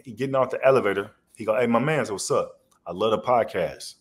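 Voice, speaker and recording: A man's voice: on the low side, fast talker. A man guest on a podcast, telling rambling stories in a loose, slangy way. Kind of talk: casual storytelling interview.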